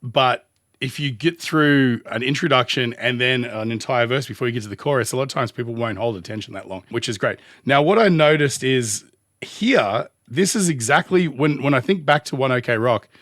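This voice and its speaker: An Australian man, a music producer, giving casual commentary as he reacts to a song, thinking aloud and rambling as he pauses the track. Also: mid-range voice, fairly bright tone, no echo, clean studio sound.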